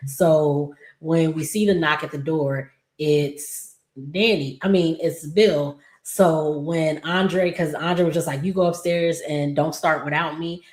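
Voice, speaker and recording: Female recap host, low voice, chatty and exasperated, casual talk, roomy echo. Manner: chatty, exasperated asides to characters. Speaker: soap opera recap host.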